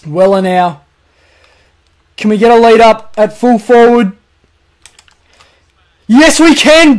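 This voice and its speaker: A young Australian man commentates on his own football video game, his very high voice moving slowly with long pauses. He veers from quiet, muttered asides to loud, shouted cheers whenever a goal goes in.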